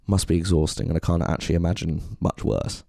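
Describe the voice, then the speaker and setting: A man's voice: low voice, fairly even intonation, fairly quick, creaky, warm tone, no room sound, clean studio sound. A man with an English accent co-hosting a podcast, talking earnestly in a rambling way with many restarts. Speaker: podcast co-host. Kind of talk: casual podcast chat.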